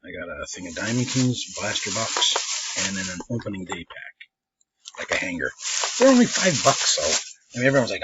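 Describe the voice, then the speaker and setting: His medium-pitched voice is animated and moves at a moderate pace as the trading card collector rambles through a casual tale. He laughs often and imitates what others said, and the recording is slightly dull lo-fi with faint background noise.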